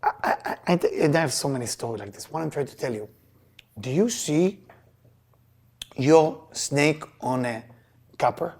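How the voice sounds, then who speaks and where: Emphatic man teaching with slightly raised pitch. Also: moderate pace, pauses often, husky. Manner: emphatic, animated, loose non-native grammar. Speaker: Kabbalah teacher. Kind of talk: lesson with personal storytelling.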